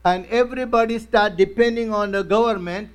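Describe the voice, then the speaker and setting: Pastor, male, high voice, emphatic repetitive preaching. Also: fairly quick, clear, resonant tone. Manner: emphatic preaching with repeated phrases. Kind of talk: sermon.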